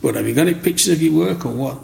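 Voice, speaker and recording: A dry, sarcastic older shopkeeper with a raised, gravelly voice, as a man quotes him in his story. The lines come out quizzical and pitched above the storyteller's own voice. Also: expressive, very fast, warm tone, echoey room. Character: older male tool-shop owner, dry and sarcastic.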